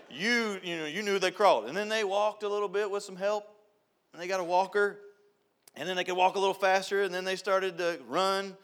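A man's voice: on the high side, fairly bright tone. Folksy older man preaching a church talk. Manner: folksy, storytelling, repeats phrases. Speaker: youth director.

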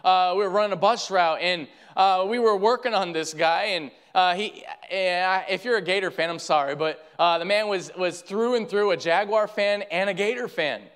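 A man's voice: high-pitched, moderate pace, hardly any pauses, a bit bright, smooth. A man preaching a sermon as pastor, fervent and repetitive, calling his listeners friend.

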